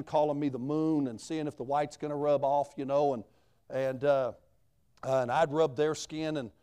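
A man's voice: fairly high pitch, warm tone, smooth. A man, a missionary preacher telling his story in a sermon in a folksy, plain-spoken way.

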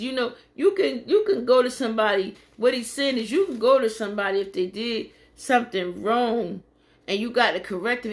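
A woman delivering a casual, folksy sermon. She reads scripture aloud and talks plainly to her listeners in an encouraging, preachy way. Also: mid-range voice. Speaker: podcast preacher. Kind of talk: informal sermon.

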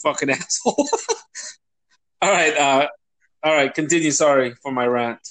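A man's voice: fairly high pitch, measured pace, fairly bright tone. A young man hosting a casual fantasy football podcast, profane and ranting, often laughing. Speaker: podcast host.

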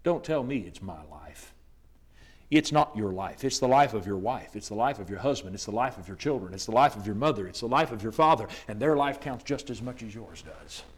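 A man's voice: medium pitch, lively intonation, normal speed, slightly rough. Dramatic male preacher delivering a sermon. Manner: dramatic, swings from hushed to loud emphatic preaching.

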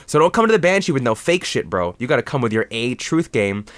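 Animated joking male podcast host. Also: medium pitch, quick pace, clean tone, no echo. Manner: laughs often, swears freely, jokey asides. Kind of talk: casual podcast chat.

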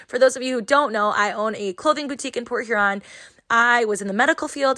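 Woman, casual advice talk, chatty and direct, fairly high voice, dry close sound. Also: fairly bright tone, no echo. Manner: chatty and direct, addresses listeners, frequent "you know". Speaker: podcast host giving life advice.

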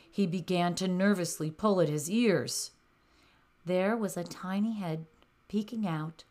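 A woman narrating a children's bedtime story in a gentle, expressive way. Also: fairly low pitch.

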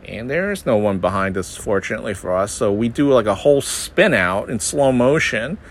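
A man's voice: expressive, normal speed, a little hiss or hum. Male podcast host, Northeastern US, casual rambling monologue, wry and self-mocking. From Northeastern United States. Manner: rambling, self-deprecating, jumps into high-pitched mocking voices for others.

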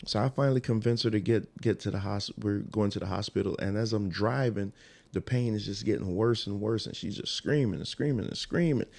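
A man's voice: lowish voice, fairly quick, creaky, darkish tone. A man telling an emotional personal story in a rambling, casual way, repeating himself and restarting sentences.

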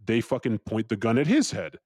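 A man's voice: mid-range voice, a little fast, no echo. A young man from California telling a story as a podcast guest, swearing freely and acting out the voices of the people he quotes. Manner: profane, animated, acts out quoted voices. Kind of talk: casual storytelling.

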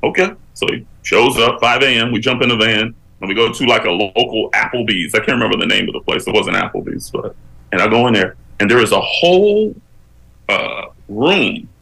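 A man, a guest on an interview show, telling his life story with animated, preacherly emphasis that climbs as he builds a point. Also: fairly low pitch, brisk, vocal fry, poor audio.

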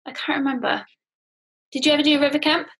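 A woman host with a high voice speaks in an easy, encouraging way. She chats casually with her guest. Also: little pitch movement, fast, fairly bright tone. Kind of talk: casual interview chat.

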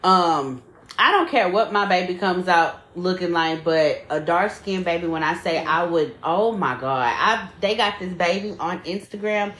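A woman's voice: lowish voice, unhurried, a bit bright. A woman co-hosting a podcast, talking in an emphatic, gushing, profane way. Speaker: podcast co-host. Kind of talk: casual chat. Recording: roomy echo.

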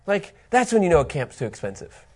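A middle-aged man giving a casual Bible teaching, animated and quick to laugh, rambling with fillers. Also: fairly high pitch, husky.

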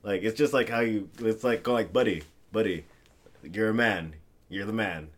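A man's voice: lowish voice, normal speed. A man co-hosting a casual chat, playful and crude, often slipping into mock voices. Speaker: podcast co-host.

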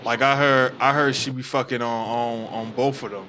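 A man's voice: mid-range voice, fairly even intonation, moderate pace, pushed and bright, a little hiss or hum. A young man co-hosting a podcast, gossiping and swearing in casual chat. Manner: profane, gossipy, laughing. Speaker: podcast co-host.

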